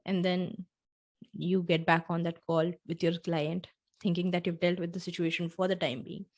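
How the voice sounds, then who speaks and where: A woman's voice: lowish voice, flat delivery, normal speed, a little mellow. A young adult woman hosting a solo podcast. She talks earnestly and straight to the listener, acting out small dialogues as she tells a story. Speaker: podcast host.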